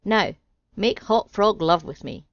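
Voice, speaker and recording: A woman's voice: mid-range voice, a little slow, no echo, highs cut off, close to an everyday voice. A woman voicing a small, crude, demanding male frog in a storybook parody, talking in a brash, mocking way. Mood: cheeky.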